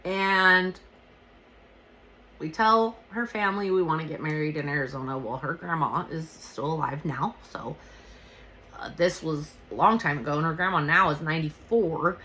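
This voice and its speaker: Podcast host, woman with a low, bright voice, animated and profane, casual storytelling. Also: normal speed, slight background noise. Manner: animated and profane, swears freely.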